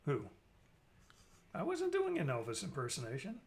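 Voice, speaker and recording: A man's voice: fairly high pitch, wildly swooping pitch, moderate pace. Rambling live stream host man. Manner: rambling, reads viewer comments aloud, jokey. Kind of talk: casual live stream chat.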